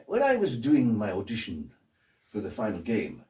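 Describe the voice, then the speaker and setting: A man in his sixties hosting a casual interview, telling stories in an animated way. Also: fairly low pitch, normal speed. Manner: animated storyteller who slips into impressions. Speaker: host. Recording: echoey room, mic at a distance.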